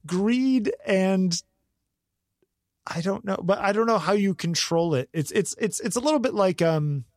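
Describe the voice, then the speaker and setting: A man's voice: fairly high pitch, dry recording, clean studio sound. A married man co-hosting a podcast, chatting casually and acting out the people in his story. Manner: animated storytelling, acts out quotes. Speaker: podcast co-host. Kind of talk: casual conversation.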